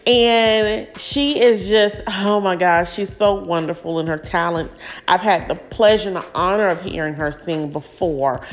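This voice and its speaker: A woman hosting a casual podcast, giving effusive, gushing shout-outs to family members. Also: medium pitch. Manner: warm, effusive, gushing praise. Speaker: podcast host.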